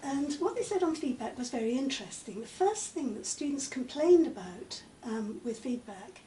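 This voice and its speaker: High-voiced woman, roomy distant recording. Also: animated, warm tone. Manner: measured, articulate, many "um" pauses. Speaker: interviewee, literature professor. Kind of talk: conversational interview. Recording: echoey room, mic at a distance, faint noise.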